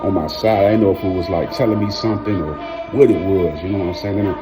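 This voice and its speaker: A man's voice: low-pitched, steady tone, fast talker. A man hosting his own video, telling a story casually in a slangy way and filling his talk with "man" and "you know what I'm saying". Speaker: vlog host. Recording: music playing under the voice. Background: music.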